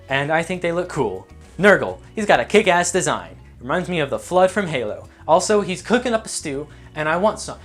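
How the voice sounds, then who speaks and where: A man's voice: on the high side, a bit bright. A young man giving comedic, sarcastic commentary while ranking game factions as a YouTuber. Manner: jokey, sarcastic, quick asides.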